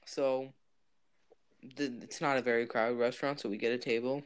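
A man's voice: mid-range voice, level tone, normal speed, clean tone. Brief: young man, goofy improv partner, narrates his own scene. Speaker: improv role-player. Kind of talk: playful improvised role-play.

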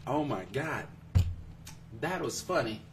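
A man's voice: medium pitch, animated, slow pace, recorded from a distance, over music. A man hosting a podcast in casual chat, joking and laughing often as he teases his co-hosts. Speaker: podcast host.

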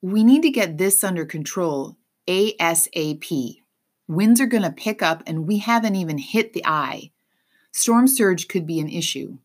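A woman's voice: on the low side, animated, unhurried, pitched above the performer's own voice. A woman voicing a no-nonsense female police officer in an audiobook, clipped and businesslike. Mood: brisk.

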